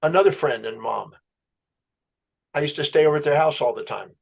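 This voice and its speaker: A man's voice: a little high, brisk, gravelly, slightly rough. A man telling a story as a podcast guest, acting out a client's words and his own questions. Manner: animated storyteller, quoting a client's answers.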